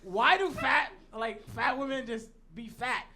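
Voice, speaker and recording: A man's voice: very high voice, measured pace. A man doing stand-up in a comedy club, rambling and brash, full of fillers. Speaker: stand-up comic. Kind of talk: stand-up set and casual banter. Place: basement comedy club with audience. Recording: live club recording with crowd. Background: crowd laughter.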